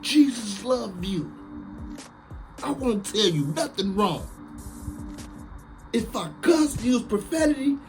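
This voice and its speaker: Slow, preachy man. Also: extremely high pitch, faint music behind. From Chicago, USA. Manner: emphatic, preachy, sounds like shouting even when calm. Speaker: online commentator. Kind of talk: casual live-stream monologue.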